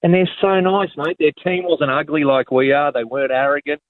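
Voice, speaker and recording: Australian bloke on a tinny phone line. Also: male voice, fairly high pitch, fairly quick, dry recording. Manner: blokey, joking, enthusiastic storytelling. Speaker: cricket commentator guest. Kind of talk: casual radio chat.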